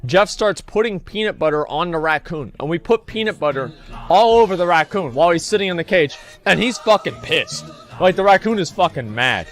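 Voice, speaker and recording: A man with a fairly high voice tells a meandering story to his viewers, packed with swearing and casual filler. Faint music plays quietly behind his voice. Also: lively intonation, fairly quick. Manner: rambling, profane, restarts and fillers. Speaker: streamer. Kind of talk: casual storytelling to stream chat.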